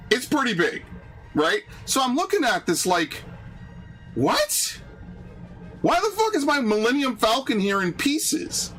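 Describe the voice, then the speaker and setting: A man streaming a video game, chatting casually and ranting with lots of swearing, his pitch jumping up when he gets indignant. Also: fairly bright tone. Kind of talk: casual chat while gaming.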